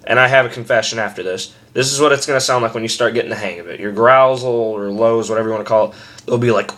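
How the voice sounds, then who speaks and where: A young man offers an informal screaming tutorial from home, rambling, profane, and quick to make fun of himself, seemingly through a basic camera microphone. He speaks fast in a mid-range voice with a slightly bright tone.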